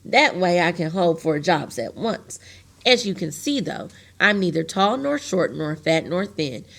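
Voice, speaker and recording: A woman's voice: lowish voice, sing-song, unhurried, gravelly, fairly bright tone, full character voice. Woman doing a fussy, forgetful ordinary man. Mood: confiding. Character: ordinary middle-aged man, the four-way house dweller, fussy and forgetful.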